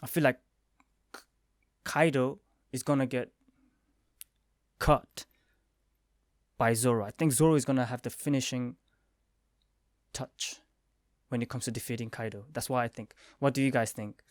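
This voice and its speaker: Excitable man reviewing a comic. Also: medium pitch, dry recording, clean studio sound. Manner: excitable, retells scenes with quick quoted lines and sound effects. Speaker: manga review vlogger. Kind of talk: casual spoken review.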